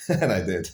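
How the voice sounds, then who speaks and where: A man telling blunt, crude personal stories to his viewers in a rambling, casual way, calling them guys. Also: sits low. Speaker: vlogger. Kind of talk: casual storytelling to camera.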